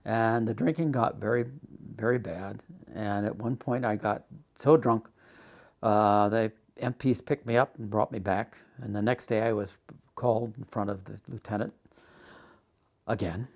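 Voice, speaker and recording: An older man recounting his life story in a halting, emotional way, acting out old arguments loudly. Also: on the low side.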